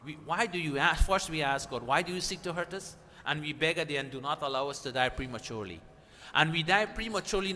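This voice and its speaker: A man's voice: on the high side, a bit bright. A man teaching at a satsang, earnestly explaining Sanskrit verses and asking emphatic rising questions. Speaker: spiritual teacher. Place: gathering hall at a weekly satsang. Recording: reverberant hall with faint background noise.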